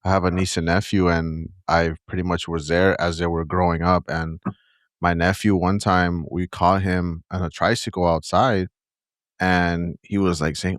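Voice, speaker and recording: A man's voice: deep voice, normal speed, no echo, studio quality. A man telling a story in a casual, laid-back way on a podcast co-hosted over a call. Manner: relaxed, laid-back storyteller, says bro. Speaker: podcast co-host.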